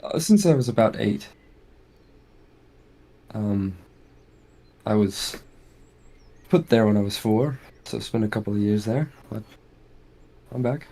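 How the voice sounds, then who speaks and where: Gravelly low-voiced man in character. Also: lively intonation, slow, long pauses, dark tone. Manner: earnest, hesitant, with fillers. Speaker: player. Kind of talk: in-character tabletop role-play.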